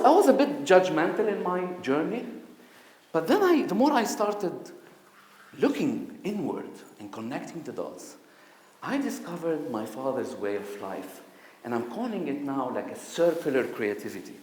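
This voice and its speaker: A man shares a personal story from a conference stage, his voice rising and falling in wide, lively swings. He bursts out loud when he acts out other people's words. The sound carries a long, roomy hall echo. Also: a little high, a little slow. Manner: animated, acts out voices with sudden loud outbursts. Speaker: conference speaker. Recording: echoey hall.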